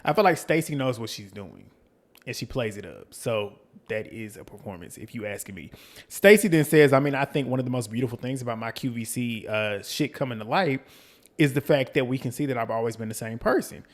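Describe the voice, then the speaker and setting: A man's voice: mid-range voice, fairly quick. Chatty Southern man recapping gossip. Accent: Southern US, North Carolina. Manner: chatty, gossipy, quotes the cast in lively bursts. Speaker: reality TV recap host. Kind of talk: casual recap and commentary.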